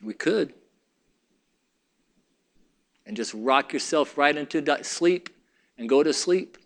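A man's voice: fairly high pitch, animated, moderate pace. A man preaching a sermon to his church, with rising emphasis and frequent restarts. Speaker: pastor.

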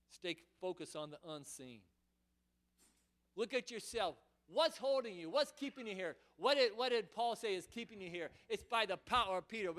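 A man's voice: high-pitched, pushed and bright. A man preaching a fervent sermon in church, often repeating and restarting his words as he presses his point. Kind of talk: impassioned sermon.

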